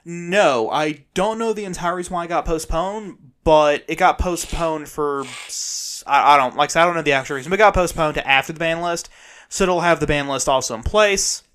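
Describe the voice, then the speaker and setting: A man's voice: on the high side, brisk, clean tone. A man from the United States co-hosting a casual chat, hesitant and full of ums. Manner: hesitant, lots of ums, relaxed. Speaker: podcast co-host. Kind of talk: casual chat about card games.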